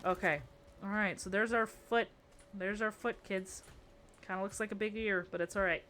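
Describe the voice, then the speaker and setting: A chatty woman streams live and mutters along as she builds, joking with her chat in a rambling, playful way. Her voice sits at a middle pitch. A faint hum of noise stays under it. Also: steady tone, normal speed, fairly bright tone.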